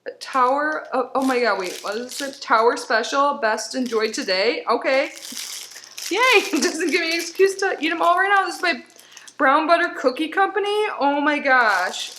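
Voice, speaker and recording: A middle-aged woman hosting a casual unboxing video, gushing and excitable, often gasping and laughing at each item from her desk at home. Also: high voice, normal speed. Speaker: YouTube unboxing channel host. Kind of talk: casual unboxing chat to camera. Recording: roomy home room with faint noise.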